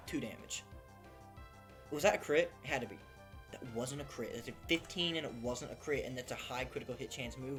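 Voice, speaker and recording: Man, chatty let's play host, excitable, self-mocking, music behind. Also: mid-range voice. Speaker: gaming YouTuber.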